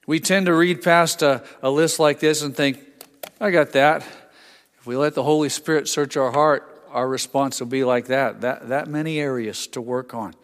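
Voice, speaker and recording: A man's voice: medium pitch, fairly even intonation, normal speed, hardly any pauses, in a large hall. An older man preaching a sermon as a pastor, conversational, with frequent restarts and asides.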